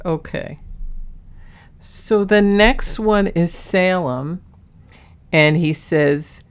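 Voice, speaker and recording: An earnest woman talks through her vlog in a relaxed, chatty way, laughing softly now and then. Her voice sits a little on the low side. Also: slow, clean tone. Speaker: paranormal vlogger. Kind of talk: casual narration introducing clips.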